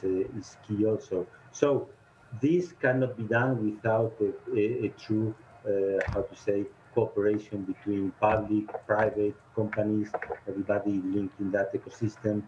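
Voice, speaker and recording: A man whose first language is Spanish, an advisor on a video call, speaking haltingly and searching for words. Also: fairly low pitch, background noise. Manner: hesitant, searching for words with many fillers. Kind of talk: online panel discussion. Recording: muffled video call line.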